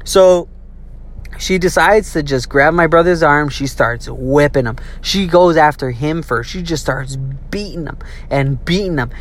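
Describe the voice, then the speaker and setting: A young adult telling a childhood story in a casual, profane way. The delivery is animated, with quick shifts into quoted voices. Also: medium pitch.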